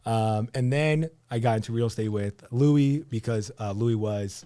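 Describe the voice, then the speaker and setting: A man's voice: medium pitch, measured pace, no echo, studio quality. A young man with a New Jersey accent, a podcast guest telling his story casually, acting out quotes and using lots of fillers. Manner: animated storyteller, acts out quotes, many fillers. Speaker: real estate agent, podcast guest.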